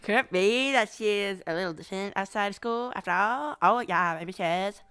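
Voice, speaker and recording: Woman, casual let's play, chatty, stumbles on words, middle pitch. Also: brisk, a bit bright, clean tone. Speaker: gamer.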